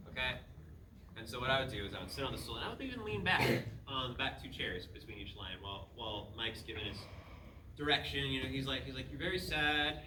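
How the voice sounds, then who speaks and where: A man speaking on a convention panel as a voice actor, telling stories to an audience in an animated, self-deprecating way and laughing often. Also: fairly low pitch. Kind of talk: casual storytelling to an audience. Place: large convention hall. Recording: echoey hall, far from the mic, audience noise.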